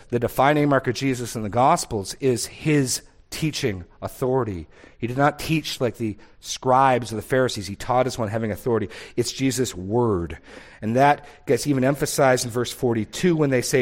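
A man preaching an expository sermon, emphatic and fond of repeating key phrases and asking rhetorical questions. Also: medium pitch. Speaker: pastor.

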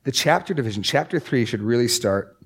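A man teaching through a Bible passage in a casual discussion, with animated, sarcastic asides. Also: mid-range voice, brisk, breathy edge.

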